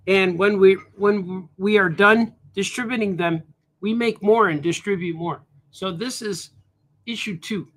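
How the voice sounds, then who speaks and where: A man's voice: high-pitched, a bit bright. A man, a cartoonist, chatting casually and rambling on a livestream while showing his comic pages, often saying "hey, man.". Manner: laid-back, rambling, says "hey, man" a lot.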